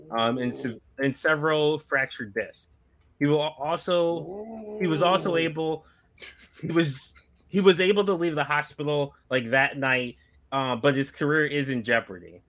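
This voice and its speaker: A man hosts a casual podcast, walking through a wrestling storyline. His voice is bright and a bit high, and he leans on fillers as he goes. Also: a little slow. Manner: rambling, full of "like" and "um".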